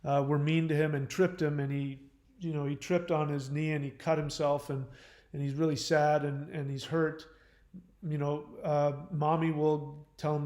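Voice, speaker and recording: Male host, casual rambling delivery, slightly high pitch, recorded in a reverberant room. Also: level tone, moderate pace, a little mellow. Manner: rambling, with frequent restarts and fillers. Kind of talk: casual livestream talk.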